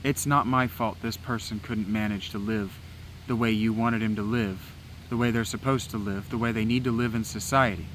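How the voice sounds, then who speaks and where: A man's voice: on the low side, fairly even intonation, normal speed, fairly bright tone, slight background noise, rough recording. A man outdoors in the woods, giving a rambling spoken meditation in an agitated, preachy way and swearing often. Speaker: vlogger.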